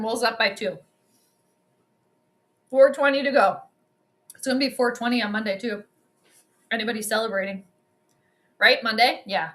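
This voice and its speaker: A young woman hosting a livestream, giving chatty and excitable commentary on a basketball game straight to her viewers. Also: on the high side. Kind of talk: casual live commentary.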